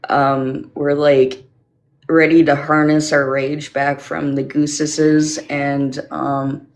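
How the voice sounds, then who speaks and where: A woman's voice: low-pitched, little pitch movement, takes it slowly. A Canadian woman calling in to a chat show, joking dryly and giggling. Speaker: caller.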